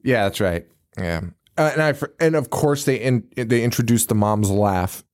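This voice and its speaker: A man's voice: medium pitch, normal speed, darkish tone. Laughing man recapping a movie. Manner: laughing, joking, swearing, acts out lines in silly voices. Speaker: podcast co-host. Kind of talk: casual movie recap chat.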